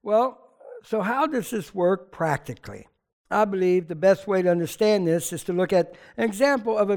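A man preaching a sermon to his church in a lively, conversational way, with chatty asides. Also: sits high. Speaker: pastor.

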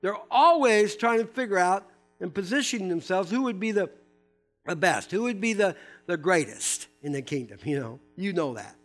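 A male pastor preaching a sermon to a live congregation, animated and emphatic, with casual asides to his listeners. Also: high-pitched, normal speed, faint music behind.

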